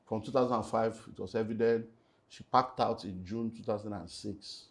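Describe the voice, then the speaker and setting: A middle-aged man with a Nigerian accent, a pastor talking about his life in an emotional way that rises into loud, emphatic bursts. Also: on the low side, fairly even intonation, moderate pace. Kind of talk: candid personal testimony in conversation.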